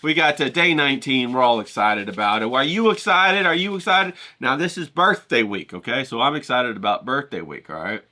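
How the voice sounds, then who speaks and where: A man talks straight to his camera in a loose, joking vlog, wandering from one thought to the next and swearing freely. His voice is very bright, with a hard, forward edge. His pitch sits in the middle range. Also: expressive, fairly quick, few pauses. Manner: joking, rambling, profane, talks straight to viewers. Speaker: painter and vlogger. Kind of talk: casual talk to camera.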